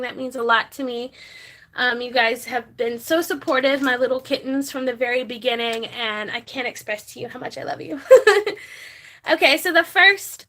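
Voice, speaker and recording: A woman's voice: sits high, low-quality recording. A young woman chatting casually in a planner vlog as she writes on camera, talking openly about feeling anxious. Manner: chatty, warm toward viewers, talks while writing. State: nervous, anxious. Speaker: planner vlogger.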